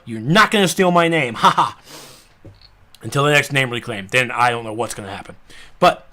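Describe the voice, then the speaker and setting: A man's voice: high-pitched, a bit bright. A man with a Southern accent hosting a casual live-streamed podcast, rambling with laughing, apologetic asides and a slightly dry throat. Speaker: podcast host.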